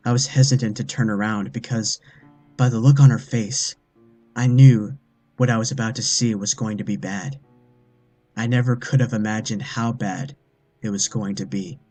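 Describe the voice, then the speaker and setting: Man narrating a horror story. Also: mellow. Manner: earnest storytelling, with the mother's lines put on higher. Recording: faint music bed behind.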